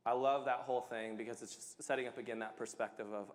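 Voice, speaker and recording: A man's voice: medium pitch, steady tone, fast talker, few pauses, big-room sound. A man, a pastor, giving a sermon in a conversational, emphatic way, joking about himself. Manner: emphatic, conversational preaching with self-deprecating humor.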